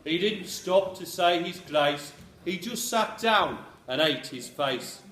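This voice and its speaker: A man with a Birmingham accent reciting a comic rhyming poem in a school hall, slow and deliberate. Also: a little high, lively intonation, a bit bright, far from the mic. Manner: slow, deliberate storytelling with put-on voices. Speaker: poetry performer. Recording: echoey hall with faint background noise.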